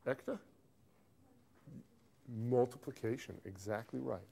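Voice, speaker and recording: A man teaching an accounting class, lively, quizzing students and repeating key phrases, recorded in a classroom. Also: mid-range voice, measured pace, vocal fry, slightly rough. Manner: animated, asks the class questions and drills a phrase. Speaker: accounting instructor. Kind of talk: classroom lecture. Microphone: filmed by a videographer in class.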